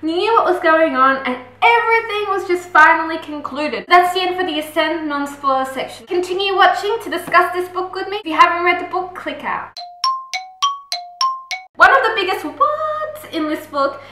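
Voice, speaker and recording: Aussie girl gushing over a book, high bright voice, kinda echoey room. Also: animated, normal speed. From Australia. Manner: chatty and gushing, acts out scenes. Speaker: book reviewer. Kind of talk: casual book review chat.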